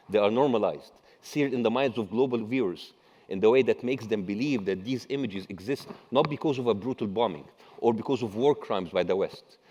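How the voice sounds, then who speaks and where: A man's voice: lowish voice, a little mellow. A middle-aged man with an Egyptian accent giving a satirical conference talk, full of sarcastic, mocking asides. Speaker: conference speaker. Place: large conference hall. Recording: long hall reverb.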